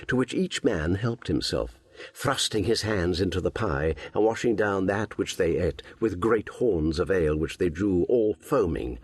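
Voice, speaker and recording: Low husky guy reading a storybook, rises and falls a lot. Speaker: audiobook narrator. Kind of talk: scripted narration.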